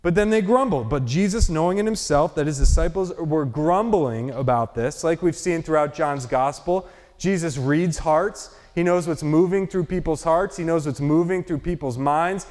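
A man's voice: fairly high pitch, normal speed, a little mellow, long reverb tail. A man preaching an expository sermon, explaining the text earnestly and posing rhetorical questions.

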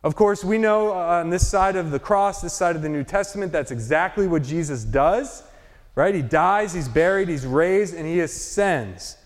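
A man's voice: on the high side, animated, normal speed, big-room sound. A man preaching an expository sermon, explaining the text earnestly and posing rhetorical questions.

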